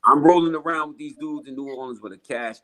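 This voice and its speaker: A man's voice: fairly high pitch, fast, fairly bright tone, a little hiss or hum, rough recording. A middle-aged man, a rapper guest telling stories in a casual interview, emphatic and profane with street slang.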